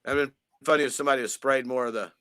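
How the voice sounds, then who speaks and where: A man with a bright, forceful voice chats on a casual podcast. He reacts quickly and throws in joking asides. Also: mid-range voice, fairly even intonation, clear, resonant tone, dry recording. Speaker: podcast co-host. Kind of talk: casual chat.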